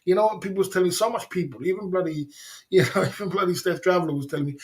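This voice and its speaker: A man's voice: high-pitched, rapid-fire. Laughing man on a livestream. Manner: laughing often, drawling slang-heavy chat. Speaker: livestream host. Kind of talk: casual livestream chat.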